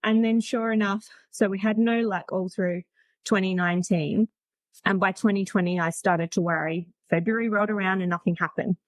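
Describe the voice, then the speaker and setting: A woman's voice: medium pitch, steady tone, normal speed, no room sound. A woman in her forties, a podcast guest, telling her story in a chatty, frank way and laughing easily. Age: 40s. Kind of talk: casual storytelling.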